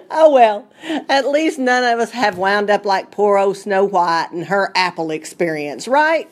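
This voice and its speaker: A woman's voice: mid-range voice, lively intonation, unhurried. A middle-aged woman with a Southern Appalachian accent, a food writer giving a folksy, chatty radio segment.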